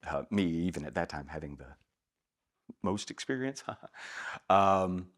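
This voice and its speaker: Deep-voiced man telling stories. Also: a little slow. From Atlanta, Georgia, USA. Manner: relaxed storytelling, laughs easily. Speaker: guest, voice actor. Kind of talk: casual interview.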